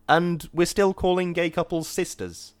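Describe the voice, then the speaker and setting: A man, chatting casually on a podcast, animated and acting out quoted voices as he talks. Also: sits high, measured pace, clean tone, no room sound, clean studio sound. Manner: animated, acts out quoted voices, frequent "do you know what I mean". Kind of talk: casual chat.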